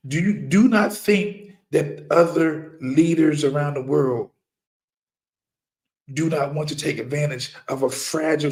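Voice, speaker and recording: Forceful, preachy man, slow and emphatic. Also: on the high side. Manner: emphatic, repeats key lines for effect; rhetorical questions to listeners. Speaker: firearms trainer. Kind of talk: impassioned preaching monologue.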